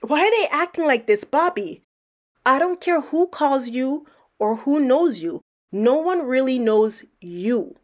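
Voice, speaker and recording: A woman with a slightly high voice talks through clips as a mock detective. She sounds sarcastic and probing, and she builds her case point by point. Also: animated, measured pace. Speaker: commentary narrator.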